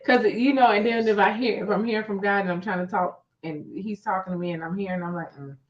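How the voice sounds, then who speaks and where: A woman co-hosting a faith talk show in casual chat, telling stories with lively acted-out quotes and frequent laughs. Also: medium pitch, quick pace. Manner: lively storytelling, acts out quotes, laughs often. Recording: distant, dull lo-fi mic.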